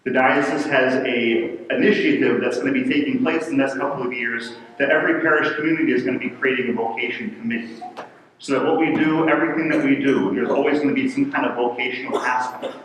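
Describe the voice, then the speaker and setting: A man's voice: medium pitch, steady tone, fast talker, fairly bright tone, slight background noise. A man preaching a sermon as a parish pastor, in an earnest, conversational way. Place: large church. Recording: echoey church hall from far off, faint ambience.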